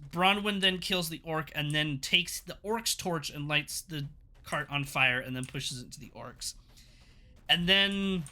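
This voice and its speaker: Bright, amused man rambling through a recap. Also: sits high. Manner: rambling and amused, laughs at scenes, acts out quick quotes. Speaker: streamer. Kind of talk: casual episode recap. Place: home streaming setup.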